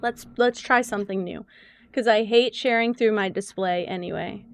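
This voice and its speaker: A woman's voice: medium pitch, normal speed, dry recording. A woman game streamer chatting casually with viewers, exasperated, swearing and laughing at her own troubles. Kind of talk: casual live-stream chat.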